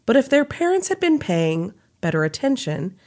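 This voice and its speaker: A woman's voice: fairly high pitch, very animated, moderate pace, a little mellow. A woman hosting a podcast, reading a story aloud in a casual chat style and breaking off for laughs and asides. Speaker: podcast host.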